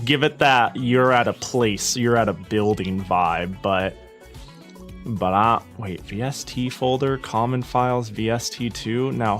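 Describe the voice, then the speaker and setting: A man's voice: lowish voice, fairly bright tone. A man streaming live, chatting casually and rambling with many restarts and swearing, slightly out of breath. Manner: rambling, self-interrupting, swears freely.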